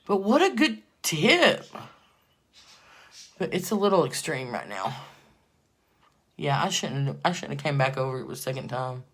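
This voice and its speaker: A woman chatting casually to viewers on a livestream while doing her makeup, excitable and prone to loud bursts of praise. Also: low-pitched, unhurried, pauses often, breathy edge. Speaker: livestream host.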